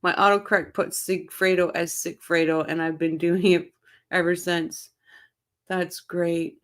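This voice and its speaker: Reading viewer chat on a casual livestream, an Ontario woman speaks a little slowly in a fairly low voice with little pitch movement. She addresses her Canadian host's audience by name and often breaks into laughter.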